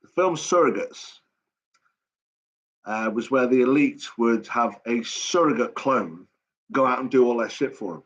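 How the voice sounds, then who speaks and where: A man's voice: medium pitch, animated, measured pace, a bit bright, highs cut off. A middle-aged man hosting a late-night live chat, telling stories in a rambling, blunt way with constant swearing. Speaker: live stream host.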